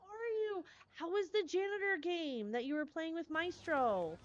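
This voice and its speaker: A woman's voice: very high-pitched, animated, normal speed, dull audio, a little hiss or hum. A woman streamer chatting live with her viewers, effusive and gushing as she thanks them, and rambling between topics. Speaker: horror game streamer.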